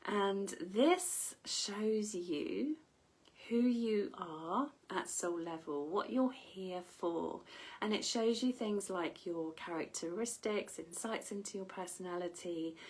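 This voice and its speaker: A woman wellness coach giving a slow, gentle motivational talk, often dropping into breathy half-whispers. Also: mid-range voice, poor audio.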